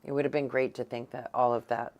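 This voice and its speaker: A woman's voice: very deep voice, little pitch movement, fast, darkish tone. A woman co-hosting a casual local news chat, rambling with many fillers and restarts in a blunt, teasing way. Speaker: co-host.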